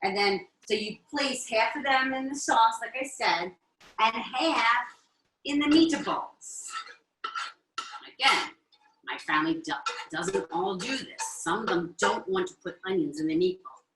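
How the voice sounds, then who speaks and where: A woman's voice: medium pitch, lively intonation, measured pace, a bit bright, echoey room, poor audio. A middle-aged woman with an Italian-American accent, hosting a live home cooking demonstration and chatting with viewers as she works. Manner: chatty, checks in with viewers often. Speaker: cooking show host. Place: home kitchen.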